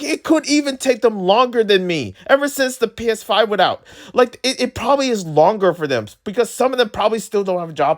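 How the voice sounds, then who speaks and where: A man ranting casually to his viewers, rambling and exasperated, with lots of filler words. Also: high-pitched. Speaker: channel host. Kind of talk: casual rant to camera.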